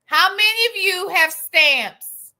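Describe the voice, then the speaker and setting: A woman's voice: extremely high pitch, animated, takes it slowly, bright, forceful tone. A woman hosting a live stream, giving casual commentary in a sassy, profane and dramatic way.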